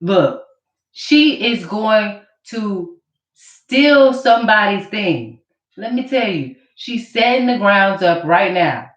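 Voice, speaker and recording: A woman's voice: mid-range voice, lively intonation, slow. A woman vlogger ranting to camera in an accusatory, mocking way, repeating her points. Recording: roomy, distant, dull camera audio.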